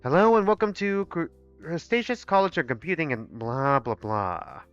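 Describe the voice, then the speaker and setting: A man voicing a dismissive, rushed male dinosaur student president who reads his lines with lazy boredom, in a game played on stream. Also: fairly high pitch, a bit bright, dry recording, lo-fi sound, faint music behind, close to an everyday voice. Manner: dismissive, rushed, lazily reading.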